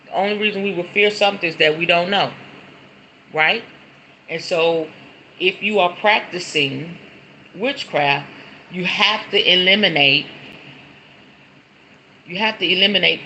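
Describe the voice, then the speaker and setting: A middle-aged woman chatting on a livestream from home, her voice sharp and very bright. She talks straight to her viewers, repeats herself and keeps calling them y'all. A faint hiss of noise sits under her speech. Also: on the low side, unhurried, pauses often, rough recording. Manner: chatty, repeats words, often says y'all. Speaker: spiritualist livestream host. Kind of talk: casual livestream chat to viewers. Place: at home, in front of a decorated backdrop.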